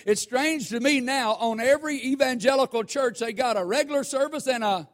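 A high-pitched man delivers a sermon. He is animated and keeps asking the congregation questions, then slows down to stress the scripture. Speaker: preacher.

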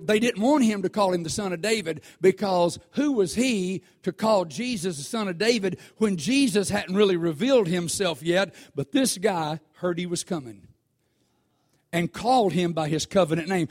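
High-voiced preacher man, drawl. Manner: conversational preaching that swells to shouts. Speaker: pastor. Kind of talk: sermon.

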